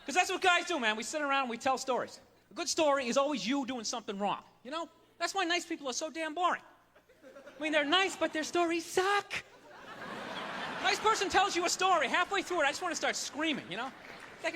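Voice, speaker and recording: A man doing a stand-up routine on stage, ranting loudly with mock outrage. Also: very high voice, animated, brisk, big-room sound, crowd noise, noisy background. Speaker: stand-up comedian. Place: comedy stage.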